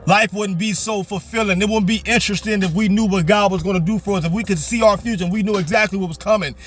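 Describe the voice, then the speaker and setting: Fervent high-voiced preacher man. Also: fairly even intonation, quick pace, a bit bright, faint music behind. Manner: fervent, repetitive, call-and-response preaching. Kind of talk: motivational sermon. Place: parked car.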